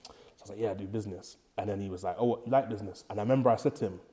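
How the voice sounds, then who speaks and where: A man's voice: fairly low pitch, rapid-fire, warm tone. A young man with a Bristol accent, telling stories in a casual chat in street slang and acting out the people he quotes. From England. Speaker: podcast guest, prison officer.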